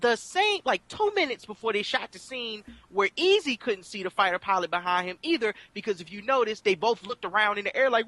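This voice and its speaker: A man chatting casually as a film reviewer, animated and quick to act out lines in put-on voices. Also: very high voice, dry recording. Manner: animated, mimics characters in exaggerated voices. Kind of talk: casual chat.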